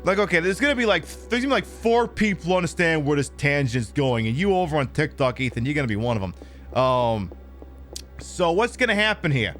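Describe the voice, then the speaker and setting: This streamer host's voice runs on the high side, with soft music playing behind him. Playing a game, he rambles in casual, animated chat, tossing in rapid impressions.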